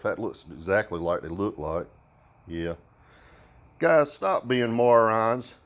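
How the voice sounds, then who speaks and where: A man vlogging in a rambling comic rant, profane and folksy. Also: medium pitch.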